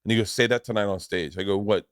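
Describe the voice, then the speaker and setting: Animated, swearing storyteller man. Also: on the low side, fast talker, smooth, dry recording, clean studio sound. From Tampa, Florida. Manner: animated storyteller, acts out voices and swears freely. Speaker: podcast host. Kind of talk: casual podcast chat.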